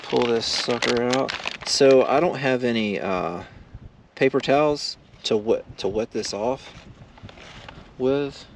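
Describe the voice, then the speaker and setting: A man vlogging casually while camping alone, talking slowly and loosely with lots of fillers. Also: mid-range voice, noisy background. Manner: slow, rambling, laid-back talk with many fillers. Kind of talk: casual solo camping vlog. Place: outdoors at a windy campsite.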